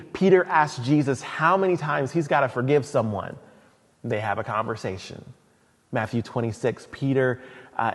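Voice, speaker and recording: A man preaching a sermon in a church, retelling scripture in a casual, animated storytelling way. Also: mid-range voice, in a large hall. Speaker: pastor.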